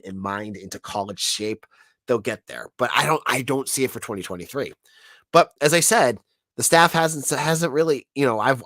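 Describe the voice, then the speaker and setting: On his sports podcast, a man speaks in a nasal, under-the-weather voice of medium pitch, recorded cleanly in a studio without echo. His casual, lively delivery addresses listeners directly, full of restarted sentences.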